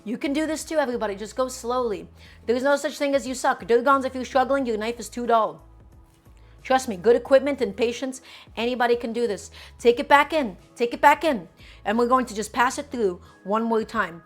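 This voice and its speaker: Woman cooking host, fairly high voice, emphatic and repetitive, home kitchen, faint music behind. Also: brisk. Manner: emphatic, repeats instructions, addresses viewers directly. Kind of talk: live cooking demonstration.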